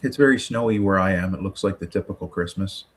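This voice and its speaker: A man's voice: low-pitched, quick pace. A man chatting casually as a guest, describing things dreamily and filling his talk with "like". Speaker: guest in the chat. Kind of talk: casual group chat.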